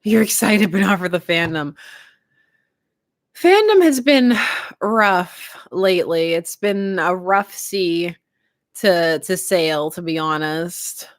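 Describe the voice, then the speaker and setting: A young woman chatting casually with her stream viewers, giggling often and talking in an animated way. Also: on the low side, slow, no room sound. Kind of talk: casual live-stream chat.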